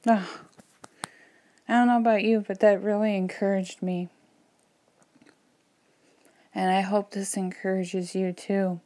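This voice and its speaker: A woman giving heartfelt devotional encouragement, speaking earnestly and gently pleading with her listeners. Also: mid-range voice, flat delivery, unhurried, pauses often.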